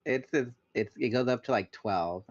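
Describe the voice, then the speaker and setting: A man co-hosting a podcast in casual chat, playful and rambling, running through tongue-twister warm-ups. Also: mid-range voice, moderate pace, dull audio. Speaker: podcast co-host.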